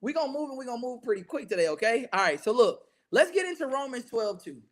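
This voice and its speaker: A man with an extremely high, fast voice teaches an energetic, interactive Bible study. He constantly checks in with listeners, tossing in "right?" and leading call-and-response.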